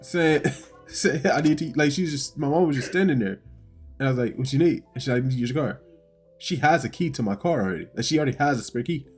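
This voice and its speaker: A man co-hosting a casual anime podcast, chiming in with relaxed slang and laughter. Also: a little high, breathy edge, soft background music. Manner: laid-back slang, quick interjections, laughs. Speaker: podcast co-host.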